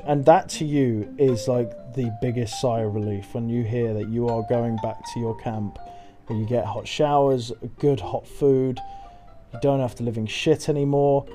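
A young man tells a loose, rambling anecdote, swearing freely and laughing as he goes. His voice is mellow and soft-edged, sitting at an ordinary middle pitch for a man. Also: steady tone, moderate pace, soft background music. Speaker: storyteller. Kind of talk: casual anecdote.

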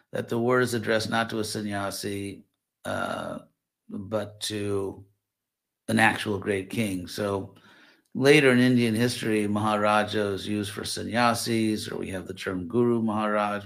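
A man giving a scripture class, explaining Sanskrit verse word by word in a thoughtful, unhurried way. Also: on the low side, creaky, fairly bright tone. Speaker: scripture teacher.

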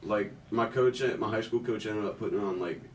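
A man's voice: lowish voice, a little fast, echoey room, far from the mic, a little hiss or hum. A young man, a college football player, talking frankly about his training in casual chat. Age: young adult.

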